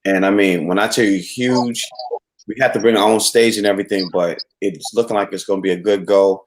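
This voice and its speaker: A man's voice: lowish voice, steady tone, a little fast. A man, the host, speaking in an earnest, reflective way with frequent restarts. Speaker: host and venue owner. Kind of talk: casual chat.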